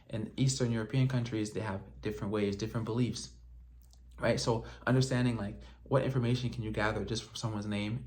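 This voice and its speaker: A man whose first language is French, a doctor giving casual advice straight to camera, often asking "right?" as he checks his notes. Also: lowish voice. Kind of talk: direct-to-camera advice talk.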